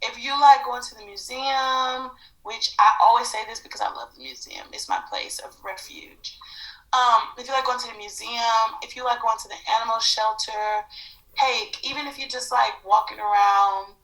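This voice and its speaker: A woman co-hosts a casual podcast with a bright, fairly high voice. She gives advice in a halting, thoughtful way, pausing to find her words. The room around her rings with echo. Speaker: podcast co-host. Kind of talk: casual chat. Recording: echoey room.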